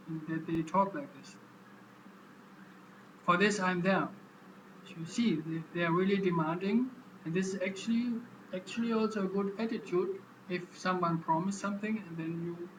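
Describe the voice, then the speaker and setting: A man vlogging in a casual monologue, speaking haltingly and repeating words as he explains. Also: sits high, background noise.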